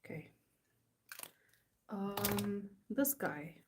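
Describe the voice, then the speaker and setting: A woman's voice: mid-range voice, drawn-out words, noisy background. A woman, chatting casually while she works on art. She reads silly slogans aloud in a playful, mock-serious chant. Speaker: artist live-streaming.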